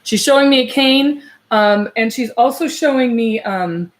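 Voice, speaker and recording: During a live reading, a psychic medium with a fairly high-pitched voice gropes for words, with lots of fillers and false starts. When she delivers messages, her voice grows soft and slow.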